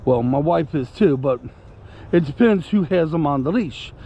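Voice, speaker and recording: A man's voice: on the high side, animated, normal speed, warm tone, breathy edge, highs cut off. A man telling a story casually to camera, indignant and rambling, breaking off to give commands to his puppy. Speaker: vlogger.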